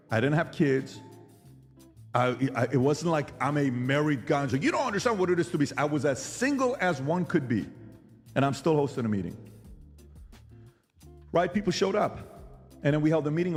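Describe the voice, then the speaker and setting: A man's voice: a little high, darkish tone, big-room sound. Emphatic man debating with rhetorical questions. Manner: emphatic, rhetorical questions, mimics others' voices. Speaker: podcast host. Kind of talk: animated debate monologue.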